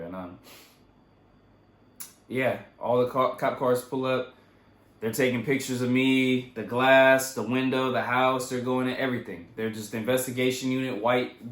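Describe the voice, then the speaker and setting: A young man casually retelling his own story in a loose, profane, animated way. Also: mid-range voice, moderate pace, echoey room. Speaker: vlogger.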